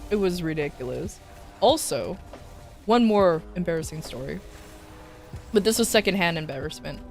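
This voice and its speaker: A young woman streamer telling stories in a loose, animated way. She laughs often and fills her talk with "like". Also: lowish voice, moderate pace. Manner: animated, laughing, many fillers. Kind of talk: casual storytelling to a live chat. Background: faint background music.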